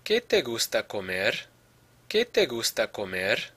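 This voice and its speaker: A man's voice: mid-range voice, big pitch swings, measured pace, a bit bright, breathy edge. A man teaching a Spanish grammar lesson, explaining patiently and often checking in with "okay". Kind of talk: podcast lesson.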